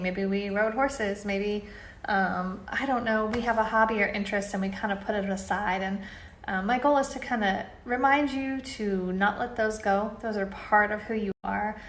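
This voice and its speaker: A woman's voice: mid-range voice, roomy sound. A woman talking casually and earnestly to her audience, chatty and enthusiastic, with many fillers and restarts. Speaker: apparel brand founder. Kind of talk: casual talk to camera.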